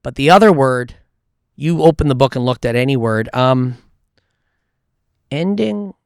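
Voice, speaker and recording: A Canadian man speaks in a smooth, clear voice that sits in the middle of the range. He tells animated, profane stories and leads mind-reading tricks. The studio sound is dry and close. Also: medium pitch, measured pace, dry recording. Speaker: mentalist guest. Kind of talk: casual storytelling and mentalism demo.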